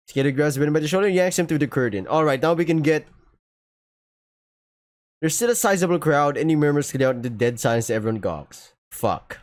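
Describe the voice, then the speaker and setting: A young man reading a visual novel aloud, with animated, joking commentary and casual swearing. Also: mid-range voice, no echo. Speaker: gaming streamer.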